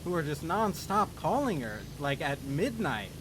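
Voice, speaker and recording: A man's voice: a little high, big pitch swings, measured pace, noisy background. A man telling a story in a casual, rambling, self-mocking way, swearing freely, as a voice-over on gameplay. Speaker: gaming video creator.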